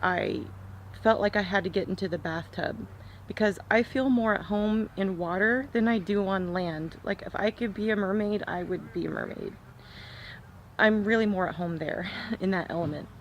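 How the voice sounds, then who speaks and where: Soft-spoken woman telling a personal story. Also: medium pitch, moderate pace, dull audio, a little hiss or hum. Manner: soft, reflective, with hesitant fillers. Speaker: vlogger.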